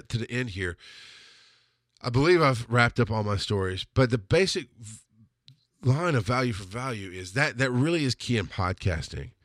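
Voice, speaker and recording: A man's voice: medium pitch, a bit bright, dry recording, clean studio sound. A man hosting a solo podcast, talking in a blunt, rambling way and swearing freely. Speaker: podcast host.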